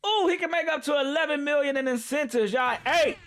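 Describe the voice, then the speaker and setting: High, bright-voiced DC man ranting. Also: brisk. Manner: excitable, profane, laughing and ranting to viewers. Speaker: sports streamer reacting live. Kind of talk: live sports reaction stream.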